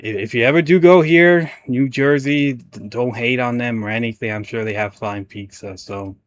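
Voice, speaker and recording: Casting: young male commentary host, chatty and rambling, stumbles over words, mid-pitched voice. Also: moderate pace, dry recording. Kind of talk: casual reaction commentary.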